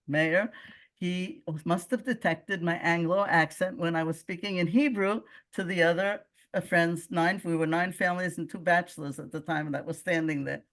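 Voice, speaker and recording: An older woman from the United States with a Brooklyn accent, telling personal stories as a guest speaker with lively asides and frequent self-corrections. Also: on the low side. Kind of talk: personal storytelling talk.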